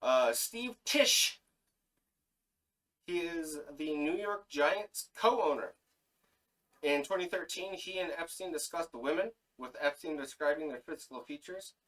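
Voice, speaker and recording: Male podcast co-host reading notes aloud, stumbling and correcting himself, somewhat high, a bit off-mic. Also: lively intonation, fairly bright tone, far from the mic, rough recording. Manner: reads list haltingly with fillers and self-corrections.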